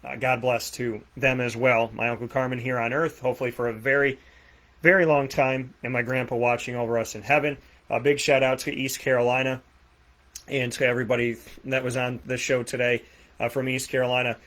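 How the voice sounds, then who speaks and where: A man with a Boston accent hosting a sports talk show, rattling off plugs and shout-outs with energy. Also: mid-range voice, little pitch movement, a little fast. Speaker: host. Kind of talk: energetic radio show sign-off.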